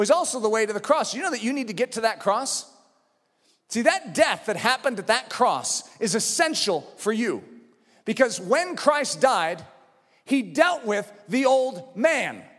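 A middle-aged man preaching a sermon with passion, moving from quiet, low passages to shouted high points. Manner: impassioned, swings from quiet to shouting. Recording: long reverb of a large hall.

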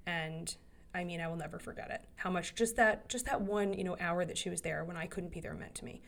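A woman's voice: on the low side, fairly even intonation, a little fast, vocal fry. A woman in her thirties hosting a solo podcast, giving earnest, rambling advice straight to her listeners. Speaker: podcast host.

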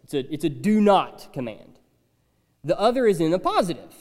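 A man's voice: sits high, sing-song, moderate pace, darkish tone, big-room sound. A man preaching a conversational sermon, emphatic and repeating key phrases. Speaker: pastor.

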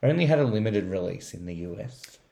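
Man, low voice, podcast co-host listing movie facts in easy chat. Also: expressive, fast talker, gravelly, mellow. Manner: reads out facts, quotes lines in put-on voices. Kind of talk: casual movie review chat.

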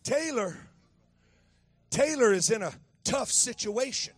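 A man in his fifties preaching a storytelling sermon, talking to a child beside him and repeating phrases as he builds to shouting. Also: very high voice, animated, takes it slowly, slightly rough, no echo, soft background music.

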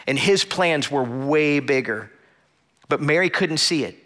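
A man's voice: a little high, expressive, measured pace, fairly bright tone. A man preaching a sermon as pastor to a small room and an online audience, earnest and conversational, with repeated phrases and restarts. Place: church sanctuary with a small audience.

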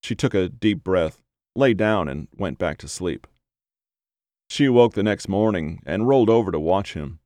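A man narrating a dark horror story in a measured, even storytelling voice. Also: low-pitched, dry recording, studio quality. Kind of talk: horror audiobook reading.

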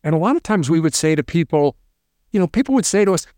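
Man, former hostage negotiator, quick talker, doubled-up restarts, somewhat high voice, dry close sound. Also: lively intonation, darkish tone, no room sound. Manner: fast-talking, repeats words on restarts. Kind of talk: casual interview storytelling.

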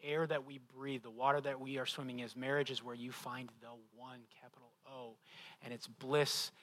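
A middle-aged male pastor giving a sermon, telling stories with animated, self-deprecating humor. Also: medium pitch, normal speed.

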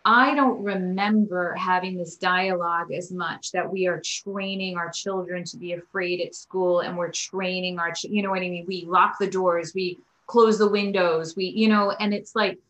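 A woman's voice: on the low side, fairly even intonation, normal speed, hardly any pauses, a bit bright, poor audio. A woman guest on a podcast interview, a yoga teacher telling stories and acting out quotes with animation.

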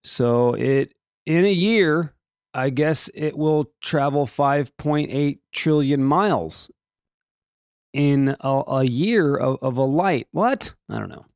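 A man's voice: a little high, expressive, slow pace, a little mellow, clear, resonant tone, no room sound, clean studio sound. A man hosting a casual solo daily podcast, rambling and joking through the day's items with many restarts and asides. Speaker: podcast host.

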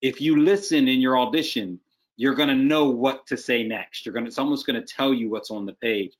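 A man's voice: medium pitch, normal speed. A man working as a casting director, giving direct, emphatic advice in a video-call interview.

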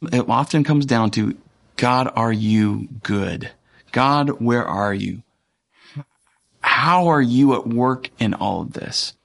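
A man, a pastor, giving a conversational and earnest sermon with frequent pauses and fillers. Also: medium pitch, creaky, a bit bright.

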